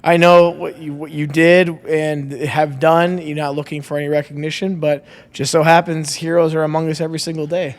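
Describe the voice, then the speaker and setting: A man hosting a podcast, telling anecdotes in an easygoing, animated way and thanking his guest. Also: on the high side, normal speed, few pauses. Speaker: podcast host. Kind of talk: casual interview.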